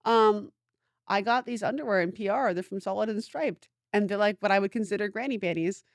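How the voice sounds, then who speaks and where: A woman's voice: medium pitch, brisk, no room sound, clean studio sound. A young woman co-hosting a podcast, chatting casually and bluntly, swearing and saying "like" often. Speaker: podcast co-host. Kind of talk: casual chat.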